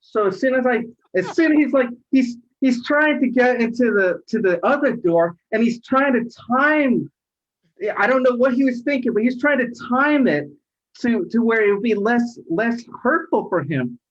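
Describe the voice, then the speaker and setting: A middle-aged man, a rideshare driver, telling a story in casual chat, animated and acting out quoted voices. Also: extremely high pitch, moderate pace, slight background noise. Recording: dull lo-fi audio.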